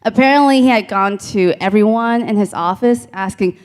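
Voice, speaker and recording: A woman performing a stand-up comedy set on a live stage, telling deadpan stories and talking to the crowd. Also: medium pitch, moderate pace. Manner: deadpan storytelling with crowd asides.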